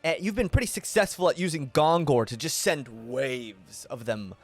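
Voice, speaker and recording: Higher-voiced man narrating as game master. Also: moderate pace, slightly rough, faint music behind. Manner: descriptive, hesitant with repeated words.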